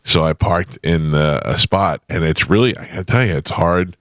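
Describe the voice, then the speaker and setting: Very deep-voiced male radio host. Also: normal speed, dry recording, studio quality. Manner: storytelling, blunt and wry. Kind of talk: casual radio banter. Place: radio studio. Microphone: studio microphone.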